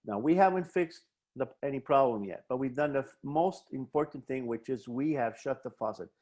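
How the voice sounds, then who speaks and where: A man presenting a wellbeing webinar, animatedly explaining coping strategies, acting out both sides of imagined dialogues and guiding slow breathing exercises. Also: medium pitch, lively intonation, darkish tone.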